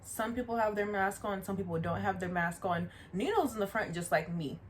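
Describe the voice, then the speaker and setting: A woman vlogger telling a story in a casual, animated way, often stopping to remind the viewer of details. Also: mid-range voice, a little fast, slight background noise. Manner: animated, chatty, repeats asides to the viewer.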